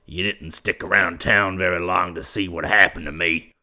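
A man voicing a gruff, stubborn old rancher in a western audiobook, snarling and barking his lines. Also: sits low, steady tone, normal speed, sharp tone, full character voice. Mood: surly. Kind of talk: audiobook character voice.

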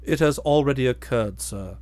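A man voicing a deferential, unflappable valet who speaks in a measured, formal way. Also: medium pitch, no echo, close to an everyday voice. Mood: composed. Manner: measured and formal, trailing off softly on each "sir".

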